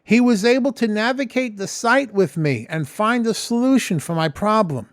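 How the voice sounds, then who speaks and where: A man chats loosely to his camera, rambling and swearing freely. His voice sits high and swings widely in pitch. The sound is dry and close, with no room echo. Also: lively intonation, moderate pace. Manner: rambling, profane, chatty. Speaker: vlogger. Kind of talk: casual vlog talk. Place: home kitchen.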